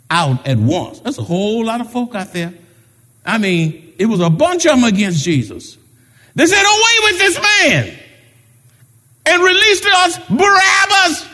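A pastor preaching a lively sermon, calling out to the congregation and driving his points with sudden raised emphasis. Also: fairly high pitch, big-room sound.

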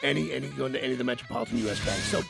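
A man hosting a radio call-in, calmly reassuring a caller and talking through what will be paid for. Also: medium pitch, very fast, gravelly, over loud music. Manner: reassuring, steady. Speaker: radio host. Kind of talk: on-air call with listeners.

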